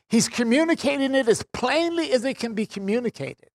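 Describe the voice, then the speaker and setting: A man's voice: very high-pitched, animated, a little fast, a little mellow. A man preaching a sermon, expounding scripture with emphatic repetition and casual conversational asides. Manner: emphatic, repeats phrases for stress.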